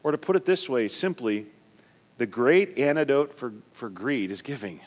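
A man preaching a sermon as pastor, swinging from emphatic loud points to quiet, low asides. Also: big pitch swings, moderate pace, in a large hall.

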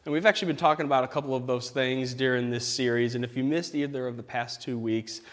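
A man preaching a casual sermon, playful and animated, with exaggerated reactions. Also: medium pitch, quick pace, in a large hall. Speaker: pastor.

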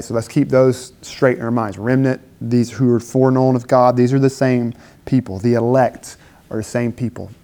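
A man's voice: mid-range voice, a little mellow. A man preaching a conversational sermon at a campus dinner gathering, asking rhetorical questions and briefly acting out biblical speakers.

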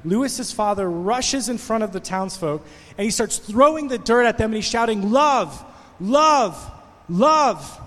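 A man with a high voice preaching a sermon in a church. He tells a story in a relaxed way, then builds to passionate, rising preaching. A long hall reverb hangs on his words. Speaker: pastor.

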